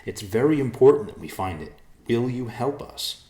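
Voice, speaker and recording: A man's voice: medium pitch, lively intonation, moderate pace, mellow, echoey room, pitched above the performer's own voice, natural voice. A man voicing an earnest, polite young human man on a quest.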